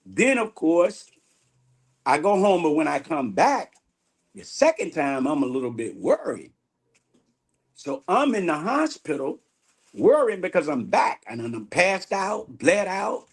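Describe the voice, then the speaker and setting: A man giving an animated spiritual testimony in an interview, acting out the dialogue he recounts. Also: a little high, measured pace, husky. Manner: animated storyteller, acts out quoted dialogue. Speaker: guest minister.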